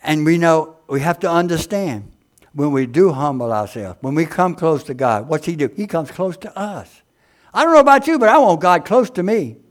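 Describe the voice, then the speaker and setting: A man preaching a sermon in a folksy, fervent way. His voice sits a little high for a man, and he drops to quiet asides before rising to loud exclamations. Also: expressive, moderate pace.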